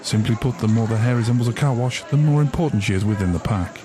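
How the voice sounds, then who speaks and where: A man's voice: mid-range voice, fast talker, a crowd in the background. An English man narrating a mock wildlife documentary in a dry, mock-serious way. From England. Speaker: comedy podcast host. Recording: music behind the voice.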